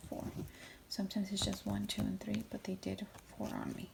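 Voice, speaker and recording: A young woman telling a personal story in a vlog, at times dropping into a soft whisper as she recounts it. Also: mid-range voice, wildly swooping pitch, normal speed, vocal fry. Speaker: vlogger.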